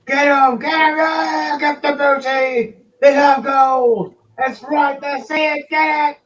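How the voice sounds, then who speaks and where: A raucous undead pirate crew, put on by a man for a tabletop game, shrieking high and loud. The greed is all in the hollering, and the sound is a little dull and lo-fi. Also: fairly even intonation, slow pace, distant mic, exaggerated voice. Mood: rowdy. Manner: shouting, high-pitched, raucous.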